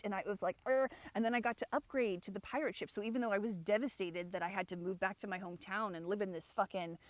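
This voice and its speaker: A woman's voice: mid-range voice, no echo. Rambling woman chatting frankly outdoors. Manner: meandering, frank, swears often. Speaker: livestream host. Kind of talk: rambling personal chat. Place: outdoors in a rock garden.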